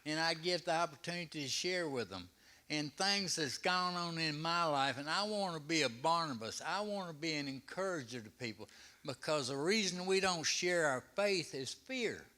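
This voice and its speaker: A man's voice: fairly high pitch, animated, moderate pace, bright, forceful tone. A man from the audience sharing a humble, heartfelt personal testimony in plain words. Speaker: audience member. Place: church sanctuary.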